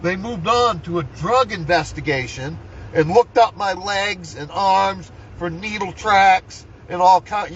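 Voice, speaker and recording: An older man with a high voice rants heatedly, swearing and throwing out "right?" again and again. He speaks from inside a vehicle, and the recording sounds dull and lo-fi under a faint hiss. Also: measured pace, a bit bright. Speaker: vlogger. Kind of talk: angry personal rant.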